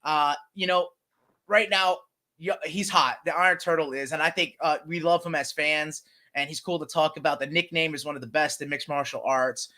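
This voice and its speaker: A man's voice: a little high, steady tone, normal speed, pushed and bright. A man co-hosting a podcast, chatting casually about fight picks in a chummy, rambling way with lots of fillers. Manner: chummy, calls his co-host brother and man; loose, rambling delivery with fillers and restarts. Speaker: podcast co-host. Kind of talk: casual sports betting chat.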